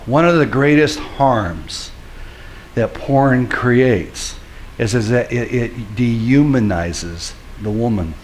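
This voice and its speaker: A middle-aged man, a pastor, giving a sermon in an earnest storytelling way that builds to forceful preaching. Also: mid-range voice, expressive, takes it slowly, a little hiss or hum.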